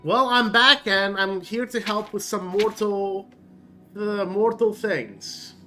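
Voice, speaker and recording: A man streaming a game, chatting casually and jokingly, often halting with fillers. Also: sits high, sharp tone, faint music behind, low-quality recording.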